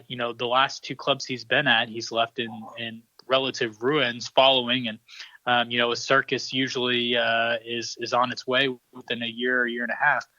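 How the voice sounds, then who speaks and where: A man co-hosting a casual sports podcast, giving measured analysis with frequent pauses. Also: mid-range voice, bright, forceful tone, no room sound. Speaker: podcast co-host. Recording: dull, dry home recording.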